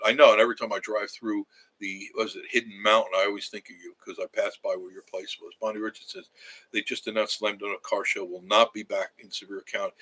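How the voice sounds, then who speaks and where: A man's voice: on the low side, pushed and bright, rough recording. A man, chatting casually on a livestream from his cabin and reading viewer comments aloud in a rambling way. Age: 70s. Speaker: livestream host. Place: home cabin.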